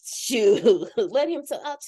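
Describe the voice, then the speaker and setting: A woman hosting a casual group call, animated and candid, laughing often as she talks. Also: fairly high pitch, drawn-out words, husky, no room sound, clean studio sound.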